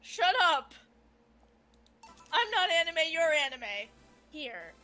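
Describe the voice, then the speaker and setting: High, lively woman streamer. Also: soft background music. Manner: playful, teasing, quick to protest. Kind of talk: casual chat over a game.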